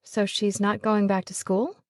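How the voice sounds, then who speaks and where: A woman's voice: medium pitch, flat delivery, a little slow, no room sound, studio quality, lightly acted. A woman narrator voicing a polite, hesitant young woman who is short of money. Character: worried, hard-up young pregnant woman.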